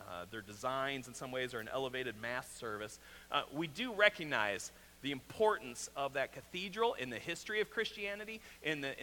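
A man with a Southwest Missouri accent preaching a sermon as pastor, earnest, often repeating a question and dropping to a quiet, pressing tone. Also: mid-range voice. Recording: reverberant hall, faint hum.

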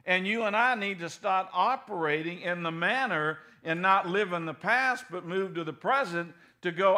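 A middle-aged man preaching a sermon in a folksy, animated way, swinging from loud bursts to soft, low passages. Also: measured pace. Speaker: pastor.

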